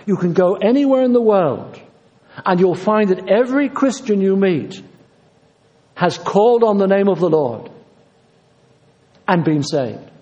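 A man, preaching in a high voice with a mellow, warm tone. His delivery is earnest and insistent, and he hammers his points home by repeating them. A long reverb hangs on every word, as in a large church hall. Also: lively intonation, measured pace, pauses often, muffled recording. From Yorkshire, England. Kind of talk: sermon.

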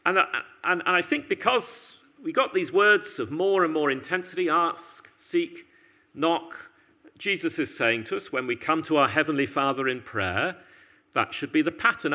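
Male preacher, earnest sermon delivery with repeated words for emphasis, bright tone. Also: on the high side.

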